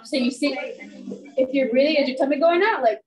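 Woman fitness teacher running chair exercises, high voice, peppy, counting reps out loud. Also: a little fast, low-quality recording. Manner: upbeat, encouraging, counts reps aloud. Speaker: fitness instructor. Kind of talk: leading a chair exercise class.

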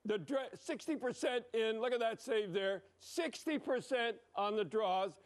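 Emphatic older hockey commentator, high voice. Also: male voice, measured pace. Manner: blunt, emphatic, rambling, with frequent "eh?". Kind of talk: excited hockey commentary over replays.

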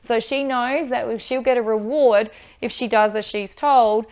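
An upbeat woman, teaching dog training and giving loud bursts of praise into a microphone. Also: a little high, fairly even intonation, a little slow, clean tone. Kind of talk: instructional video with live dog training.

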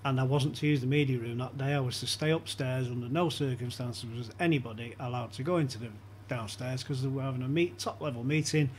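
A man's voice: medium pitch, fast, hardly any pauses, a little hiss or hum. A man telling a casual anecdote on a podcast, acting out quoted lines as he goes. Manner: animated anecdotes with quoted voices and laughter. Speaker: podcast guest. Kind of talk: casual storytelling chat.

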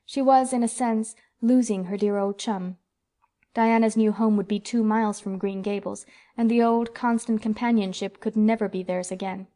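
Woman audiobook narrator, measured and even, medium pitch. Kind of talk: scripted narration.

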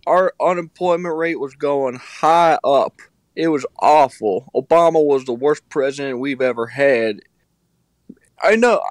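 A man speaks through a phone on speaker. He answers in short, blunt statements with a slightly raised pitch. The sound is dry and close. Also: dry recording. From Mississippi, US. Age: 30s. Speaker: interview guest. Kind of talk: phone call conversation.

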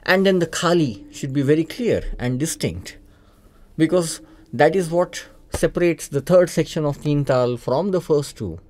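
A man with an Indian accent, calmly and methodically explaining tabla technique in a music lesson, repeating the key points. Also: fairly high pitch, a little slow. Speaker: tabla teacher. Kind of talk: instructional explanation. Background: tabla playing.

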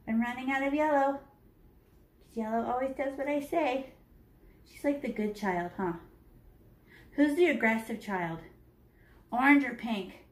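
A middle-aged woman leads a painting lesson for kids in a somewhat high, bouncy voice. She talks her way through every stroke in a chatty, playful way. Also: expressive, moderate pace, pauses often. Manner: chatty and playful, narrating each brushstroke. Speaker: art teacher. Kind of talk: live art lesson to children.

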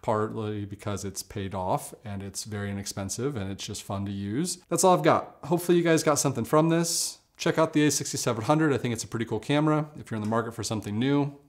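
A man talking casually in a camera review vlog, relaxed and conversational, with lots of fillers and asides. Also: medium pitch, quick pace, few pauses.

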